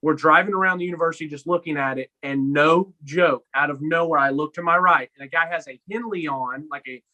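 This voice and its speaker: A young man co-hosting a casual sports podcast, telling stories in an animated way and acting out his own lines. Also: fairly high pitch, fairly quick, poor audio. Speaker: podcast co-host.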